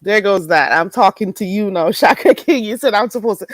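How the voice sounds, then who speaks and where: Female vlogger, animated and chatty, very expressive pitch, dry sound. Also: brisk, hardly any pauses, no room sound. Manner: animated, chatty, laughs often. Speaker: vlogger answering live chat. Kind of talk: casual chat to viewers.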